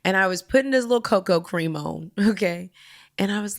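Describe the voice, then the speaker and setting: Woman podcast guest, candid storyteller, animated delivery with hushed moments. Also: mid-range voice, fairly quick. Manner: animated, slips into soft whispers when moved.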